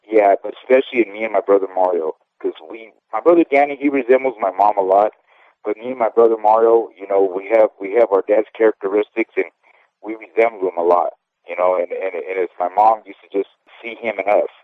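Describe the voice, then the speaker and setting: Over a thin, phone-like line with a dry, close sound, a man in his fifties rambles candidly through his memories. His voice sits at an ordinary middle pitch, and he keeps tagging his points with little check-ins to the listener. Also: steady tone, brisk, no room sound. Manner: candid and rambling, often tags "okay?". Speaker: interview guest, former boxer. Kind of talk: casual phone interview.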